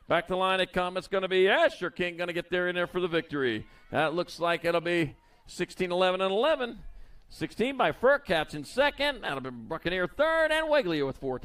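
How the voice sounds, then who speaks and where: A man announcing BMX races live at an outdoor track, calling the riders with playful nicknames in a quick, folksy manner. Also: sits high, a bit bright, clear, resonant tone. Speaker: race announcer. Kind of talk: live race commentary.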